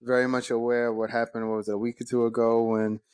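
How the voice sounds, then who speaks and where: A man's voice: medium pitch, flat delivery, fast, a little mellow. A man co-hosting a podcast, chatting in a loose, laid-back way and laughing often. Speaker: podcast co-host. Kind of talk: casual chat.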